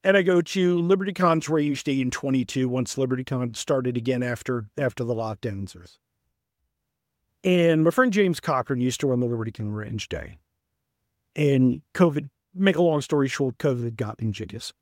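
Speaking at a moderate pace in a mid-range voice, this Southern US author, a middle-aged man, spins stories during a relaxed interview. When quoting friends, he acts them out in a raised voice, animated throughout. The recording is clean studio audio without echo.

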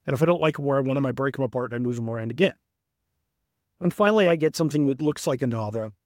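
Racing along in a mid-range voice, this middle-aged Southern author shares stories in a casual interview. He gets louder to act out quoted friends, and the recording is dry and studio quality.

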